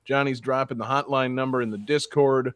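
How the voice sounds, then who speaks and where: A man's voice: mid-range voice, steady tone, a little fast, a bit bright, dry recording. Male co-host, loose joking rambler, laughs and curses freely; dry close sound. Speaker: podcast co-host. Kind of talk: casual joking banter.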